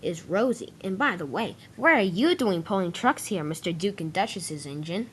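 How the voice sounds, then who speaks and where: A woman voicing a calm male train engine who patiently teaches a newcomer. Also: mid-range voice, normal speed, a little hiss or hum, natural voice.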